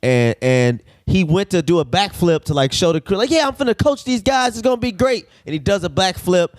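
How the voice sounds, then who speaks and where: A man's voice: high voice, a little fast, dry recording, clean studio sound. Rambling, profane man telling stories. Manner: rambling, profane, animated storytelling. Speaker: podcast co-host. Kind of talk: casual storytelling chat.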